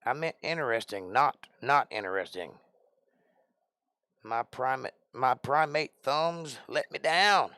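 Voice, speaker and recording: A man's voice: medium pitch, measured pace, sharp tone, dry recording. A man with a Georgia Southern accent hosting a casual livestream, reading chat comments aloud and answering with wry, joking banter. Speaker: livestream host and Bible teacher.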